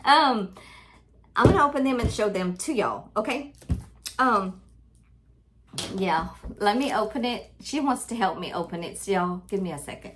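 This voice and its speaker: A woman's voice: mid-range voice, lively intonation, moderate pace, pauses often, background noise. A middle-aged woman from Louisiana with a Cajun accent, chatting casually to her viewers during an unboxing at home. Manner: chatty, calls viewers y'all, easily distracted. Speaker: crafting channel host.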